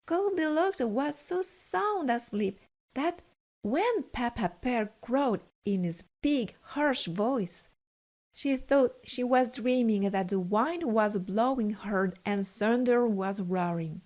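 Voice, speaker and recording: A woman narrating a children's fairy tale in a gentle storybook reading. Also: a little high, lively intonation, slow.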